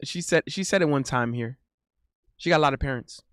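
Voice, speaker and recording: Laid-back joking male streamer, crisp voice. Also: mid-range voice, brisk, a bit bright, dry recording, clean studio sound. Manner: loose and joking, laughs often, repeats himself. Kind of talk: casual live-stream chat reading messages.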